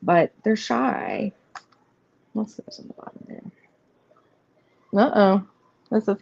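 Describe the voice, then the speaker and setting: A woman hosts a live tarot reading in a mid-range voice that's animated yet a little slow, gravelly and darkish, with a breathy edge and long pauses. She rambles casually through the cards with many fillers, reassuring viewers by speaking to them directly. The stream audio is slightly muffled with faint noise.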